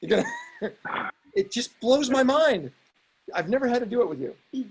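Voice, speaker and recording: A man hosting a casual talk show, telling stories in an animated way and laughing often. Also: very high voice, normal speed, slightly rough, low-quality recording. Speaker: host. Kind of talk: casual chat.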